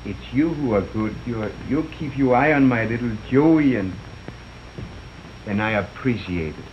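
An actor playing a kindly, worried middle-aged widowed shopkeeper in a 1930s film, soft-spoken with broken English phrasing. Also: male voice, medium pitch, animated, moderate pace, a little hiss or hum, natural voice. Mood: gentle. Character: kindly widowed merchant father, fretful. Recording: muffled early sound film.

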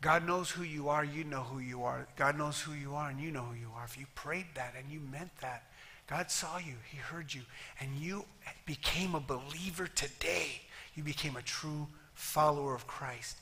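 A high, bright male voice preaching in a church sanctuary. He talks plainly and emphatically, sometimes putting on little voices to poke fun. The tone is forceful and lively. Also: normal speed, slight background noise. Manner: plain-spoken, emphatic, mimics voices for humor. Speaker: pastor. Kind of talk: sermon with altar call.

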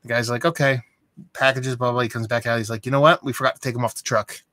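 A young adult beer vlogger talks straight to camera in a casual vlog, rambling and exasperated as he tells his story. His mid-range voice is bright and forceful, fast, with fairly even intonation, recorded dry and close with no room echo.

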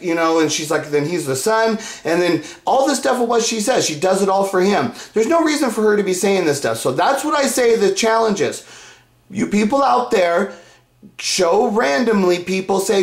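A vlogger with a mid-range voice rambles to camera in a monologue, repetitive and insistent, often restarting sentences. The audio is reverberant.

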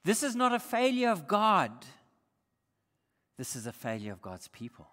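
A man's voice: high-pitched, huge pitch swings, moderate pace, a bit bright. A male pastor from Australia preaching a sermon in an earnest, emphatic way, asking the congregation rhetorical questions. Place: church sanctuary. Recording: long hall reverb.

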